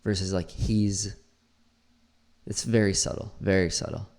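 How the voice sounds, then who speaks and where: A man's voice: on the low side, normal speed, gravelly, a little mellow. A man, an English teacher, critiquing a learner's pronunciation and repeating words aloud to model them.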